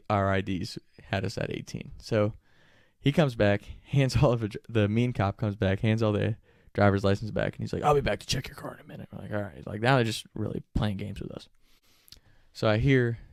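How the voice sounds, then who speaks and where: A young man casually telling a funny, profane story, animated and laughing often. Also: fairly low pitch, normal speed, vocal fry, no room sound, studio quality.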